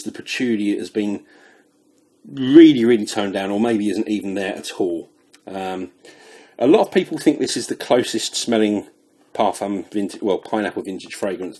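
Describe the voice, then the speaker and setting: A man's voice: on the low side, darkish tone, breathy edge. A British man reviewing fragrances in a chatty, rambling way, a little out of breath. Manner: chatty, rambling, self-deprecating. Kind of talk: casual product review.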